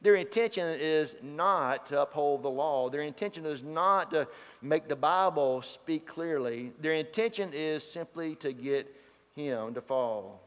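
A man preaching a sermon, telling stories and swinging from loud to hushed. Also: fairly high pitch, animated, a little slow, clear, resonant tone. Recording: dull sound in a reverberant hall.

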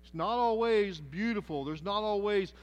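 A man with a Southern American accent preaching a sermon as pastor, telling the story in a folksy, animated way. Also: sits high, moderate pace, highs cut off. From Southern United States.

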